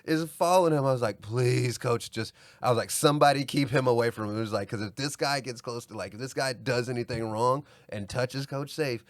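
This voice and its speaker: A man co-hosting a podcast, telling a story in casual chat and acting out yelled quotes with lots of laughter. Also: medium pitch, fairly quick, hardly any pauses, no echo. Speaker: podcast co-host.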